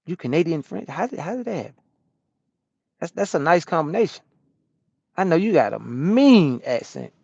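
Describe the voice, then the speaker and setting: A man who drives a truck, chatting casually with his stream chat from his cab and answering questions out loud in loose slang. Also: a little high, no room sound, highs cut off. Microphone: small camera-mounted microphone.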